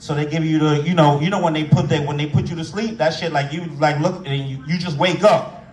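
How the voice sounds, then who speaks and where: A man tells a raunchy stand-up story with a slightly high voice, loud and animated, slipping into voices. He sounds a little distant from the mic. The room is echoey, with faint ambient noise behind him. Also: brisk. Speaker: stand-up comedian.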